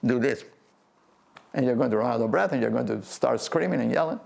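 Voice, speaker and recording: An older man, a physics professor, gives a gentle, playful guided talk on breath meditation and laughs often. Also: medium pitch, expressive, a little fast, gravelly. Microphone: video talk to a remote audience.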